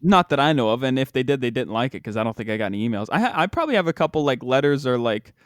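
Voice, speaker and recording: A man hosting a podcast, talking in a casual, excitable way with incredulous outbursts. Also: medium pitch, racing, dry recording, studio quality. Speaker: podcast host.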